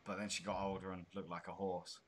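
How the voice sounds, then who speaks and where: A man's voice: low-pitched, level tone, fairly quick. A man from the UK hosting a casual chat, rambling through tangents with chuckling asides. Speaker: host. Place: home in Spain.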